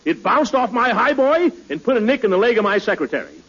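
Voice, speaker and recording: An actor playing a pompous, boastful middle-aged man with a booming voice and a smug chortle, in 1940s radio comedy style. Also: sing-song, fast, fairly bright tone, slightly rough, heavily acted. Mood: indignant. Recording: hissy muffled old radio broadcast.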